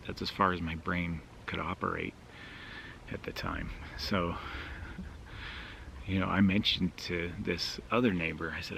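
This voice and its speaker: A deep-voiced man with a gravelly edge casually spins a rambling anecdote to his camera, full of fillers and self-deprecating asides. He talks outdoors at a campsite with faint ambient sound around him. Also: steady tone, moderate pace, a bit bright, a little hiss or hum. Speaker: outdoor vlogger.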